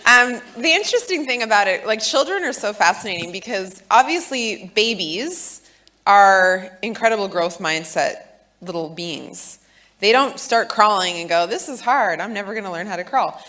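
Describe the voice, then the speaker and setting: A woman in her thirties giving a clear, earnest talk, explaining with examples from parenting. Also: mid-range voice, a bit bright. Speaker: co-speaker on leadership.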